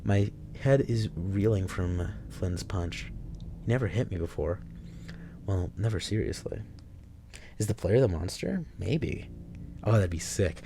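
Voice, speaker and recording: A male streamer reading a story game aloud, swearing freely and breaking off into excited reactions. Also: on the low side.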